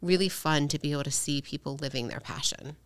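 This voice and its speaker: A female podcast host conducts a casual, conversational interview in an earnest, chatty way, frequently tagging "right?" onto her points. She has a low voice and speaks quickly, and there's no echo.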